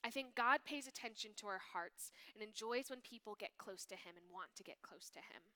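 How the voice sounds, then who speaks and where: A woman speaking at a youth ministry, giving a sermon reading with expressive delivery and hushed, whispered asides. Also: mid-range voice, a little fast.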